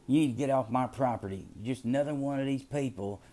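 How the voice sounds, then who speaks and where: A man putting on the voice of an angry, defensive middle-aged Southern man with a gruff drawl, shouting someone off his property. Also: mid-range voice, quick pace, close to an everyday voice. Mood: angry, dismissive. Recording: music playing behind.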